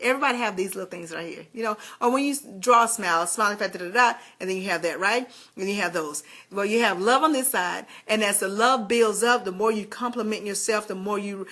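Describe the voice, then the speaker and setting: A woman from Georgia with a Southern American accent giving a chatty, animated motivational talk straight to her viewers. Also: mid-range voice, fast, few pauses. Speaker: motivational vlogger.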